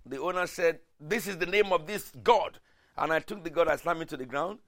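A man preaching a sermon in a dramatic way, swinging from hushed lines to shouted ones. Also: on the high side, a little fast.

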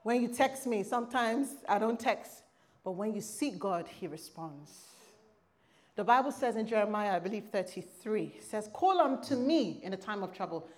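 In a preacher's style, a woman shares her church testimony at normal speed, medium-pitched and animated. Loud, emphatic outbursts give way to hushed passages, and she prompts the crowd to answer back.

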